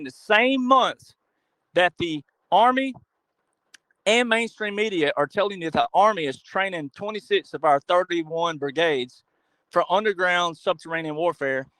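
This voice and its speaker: Emphatic man, higher voice, dry sound. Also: a bit bright, no echo, low-quality recording. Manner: emphatic, rhetorical questions; acts out quoted voices. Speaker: podcast guest. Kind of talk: animated monologue.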